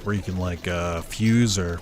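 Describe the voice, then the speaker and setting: Low-voiced laid-back gaming guy. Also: steady tone, a little slow, darkish tone, faint music behind. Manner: laid-back, musing aloud, chuckling. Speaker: gamer. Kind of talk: casual let's-play commentary.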